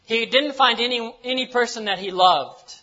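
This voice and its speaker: A man's voice: very high voice, moderate pace, pushed and bright, muffled recording. A man from the United States preaching a sermon in a folksy, joking way, with simple words and repeated phrases. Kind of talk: sermon with jokes and Bible reading.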